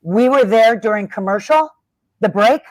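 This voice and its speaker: A woman's voice: a little high, moderate pace, dry recording. A middle-aged woman, a former wrestler, chatting in an interview and acting out the voices of people in her stories. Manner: talkative, expressive storyteller acting out quotes. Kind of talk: casual interview chat.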